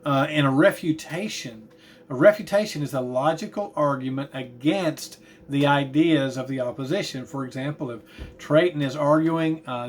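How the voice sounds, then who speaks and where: A man teaching a class, talking in a tired, chatty way with asides about yawning. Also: a little high. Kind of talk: classroom lecture.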